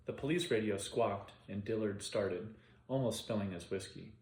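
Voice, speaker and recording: A man narrating an audiobook in an unhurried, plain reading style. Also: on the low side, darkish tone. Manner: unhurried plain reading with occasional self-corrections. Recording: roomy echo.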